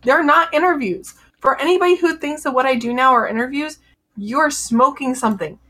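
A woman's voice: high-pitched, a little fast, bright, forceful tone. A woman podcaster in casual livestream chat, indignant and rambling as she talks. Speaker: podcaster, talk guest.

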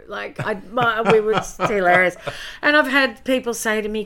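A middle-aged Australian woman, a former jingle singer, telling lively anecdotes in a casual interview and acting out the quotes. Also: mid-range voice, normal speed, a crowd in the background.

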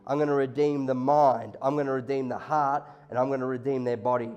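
A man's voice: mid-range voice, steady tone, a little fast, darkish tone, smooth, highs cut off. A man preaching a sermon to a congregation, impassioned, often acting out God and listeners in quoted lines. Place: church hall before a congregation. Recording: faint music behind.

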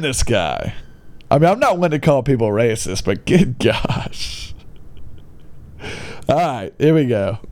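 A man's voice: mid-range voice, a little mellow, dry recording. Sarcastic young man riffing on ads. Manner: sarcastic, incredulous, mocking. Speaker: online video host reading classified ads. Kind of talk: casual comedic commentary.

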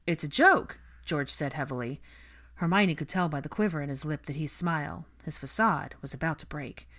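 A woman reading a fan fiction story aloud as narrator, lifting her pitch to voice the characters' dialogue. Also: brisk. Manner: reads dialogue with lively pitch lifts. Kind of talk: audiobook narration.

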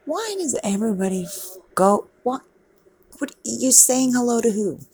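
Watching a movie, a woman chats casually through it in a fairly high-pitched, dark-toned voice at a moderate pace. She swears freely, laughs, and exclaims at the screen like the reaction vlogger she is.

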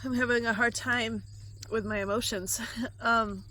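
A woman delivering a heartfelt devotional message in an earnest, tender manner. Her voice sits a little high and rings bright and clear. She pauses softly, as if moved by what she shares. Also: steady tone, rough recording. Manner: earnest, tender and emotional, with pauses and soft fillers. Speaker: Christian prophetic vlogger. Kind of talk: devotional message sharing prayer and prophecy.

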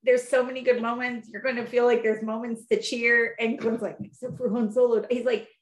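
A woman co-hosting a podcast, chatting casually and telling animated stories with lots of fillers. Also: a little high, brisk, echoey room. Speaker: podcast co-host. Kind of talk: casual chat.

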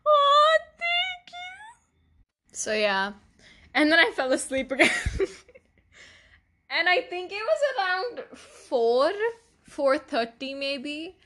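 A woman's voice: high-pitched, animated, slow, long pauses, sharp tone. A young woman hosting her own podcast, talking candidly and emotionally in a confessional monologue, laughing often and swearing casually, her voice sometimes teary. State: teary, voice breaking at times. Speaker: podcast host.

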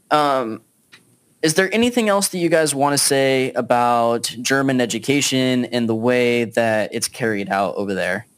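A man's voice: medium pitch, measured pace, clean tone. A man hosting a casual podcast discussion, talking in a laid-back, chatty way with plenty of fillers. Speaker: podcast host.

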